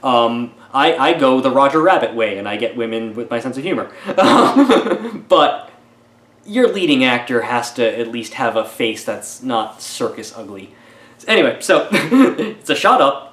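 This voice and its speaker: A man's voice: mid-range voice, big pitch swings, a little slow, fairly bright tone, echoey room. A man giving a comedic, sarcastic movie review, rambling with lots of "like" and "uh" fillers. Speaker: film reviewer.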